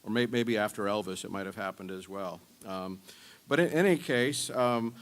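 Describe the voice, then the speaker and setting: A man speaking at a university symposium, explaining music history in a relaxed, conversational way. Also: lowish voice, normal speed. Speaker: symposium lecturer.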